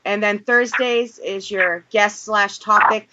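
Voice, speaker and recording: A woman's voice: medium pitch, fairly even intonation, slow pace, sharp tone. A woman hosting a casual interview chat, playful and self-deprecating as she talks. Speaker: podcast host. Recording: muffled audio with background noise.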